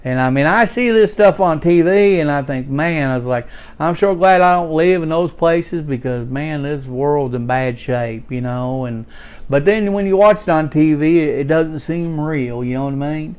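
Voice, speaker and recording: A man's voice: fairly high pitch, moderate pace, darkish tone, clear, resonant tone, lightly acted. A man playing a stammering redneck. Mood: rambling. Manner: stammering, folksy, storytelling. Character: folksy rambling redneck working man. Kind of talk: rambling comedic character monologue.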